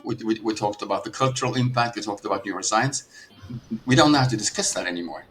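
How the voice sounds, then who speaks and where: A man's voice: fairly low pitch, quick pace, a bit bright, a little hiss or hum. Earnest Norwegian man coaching. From Norway. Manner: earnest, repeats words when starting thoughts. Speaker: business coach. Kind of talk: podcast conversation.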